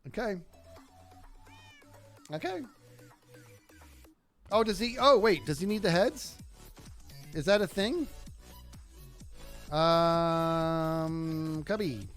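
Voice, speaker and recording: A man's voice: a little high, slow pace, long pauses, faint music behind. A man streaming a video game live, joking and talking to himself as he plays. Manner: animated, joking, talks to himself while playing. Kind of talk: live gaming commentary.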